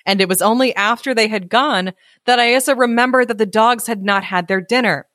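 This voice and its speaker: A woman's voice: fairly high pitch, fairly quick, fairly bright tone, no room sound, clean studio sound. A woman reading a folk tale aloud in a playful way, with chatty asides. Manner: playful, giggly. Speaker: podcast host and story reader.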